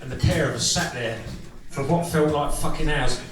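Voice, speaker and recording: A man doing crude, unhurried stand-up storytelling on stage at a live music club, swearing freely. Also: fairly high pitch, very noisy. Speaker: comedian and singer. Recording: echoey club room from far off with music.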